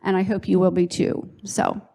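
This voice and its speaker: A woman's voice: fairly low pitch, little pitch movement, moderate pace, vocal fry, warm tone, slight background noise. A woman from a residents' health services team giving a friendly, reassuring update at a town hall.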